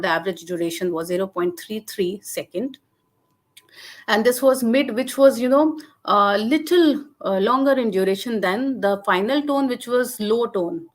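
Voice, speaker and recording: A woman giving an academic webinar lecture over a video call. She talks haltingly, with many fillers and restarts. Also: mid-range voice. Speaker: guest lecturer.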